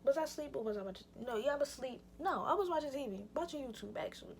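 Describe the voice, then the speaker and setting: A woman's voice: sits high, animated, racing, creaky, background noise. A young woman vlogger telling a rambling, slangy story in a casual chat with lots of "like" and restarts. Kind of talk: casual storytime while getting ready.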